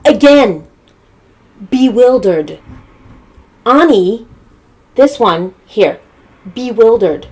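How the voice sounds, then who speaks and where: A woman's voice: fairly high pitch, measured pace. Exasperated, foul-mouthed woman telling a story. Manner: animated, exasperated, swears often. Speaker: comedic storyteller. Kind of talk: profane comedic storytelling rant.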